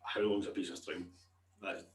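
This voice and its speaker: A man's voice: deep voice, level tone, normal speed, roomy sound. A Scottish man co-hosting a podcast, chatting casually and laughing often. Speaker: podcast co-host. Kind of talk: casual chat.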